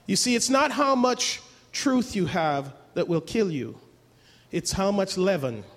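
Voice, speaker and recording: High-voiced man preaching in a hall. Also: lively intonation, unhurried. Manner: emphatic, rhetorical questions, repeats words. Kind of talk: sermon. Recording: long hall reverb.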